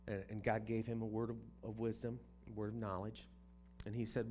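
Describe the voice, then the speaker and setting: A man's voice: fairly low pitch, flat delivery, a little fast, dark tone, faint music behind. A man preaching a sermon in a conversational way, often repeating words as he restarts a thought. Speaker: pastor.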